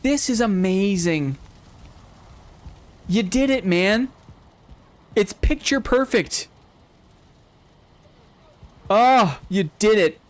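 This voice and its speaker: A man streaming a game live, commenting casually and getting excited and gushing as he explores. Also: high-pitched, drawn-out words, pauses often. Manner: excitable, gushing, laughs often.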